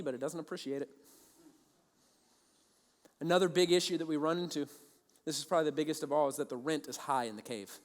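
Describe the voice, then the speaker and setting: A man preaching a sermon as a pastor, telling stories in an animated way and acting out both sides of conversations. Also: a little high, long reverb tail. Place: large church auditorium.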